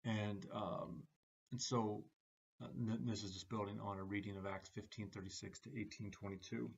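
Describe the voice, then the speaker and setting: A low, gravelly, husky man's voice working through a class lecture in a flat, even delivery. He pauses constantly on "uh" between short phrases. The sound is dull and lo-fi. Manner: halting, many "uh" fillers between phrases.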